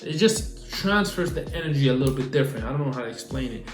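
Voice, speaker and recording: A young man coaching on social media marketing in a casual advice vlog, animated and repetitive, acting out phone calls. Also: medium pitch, quick pace, echoey room, music in the background. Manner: animated, repeats himself, acts out phone calls.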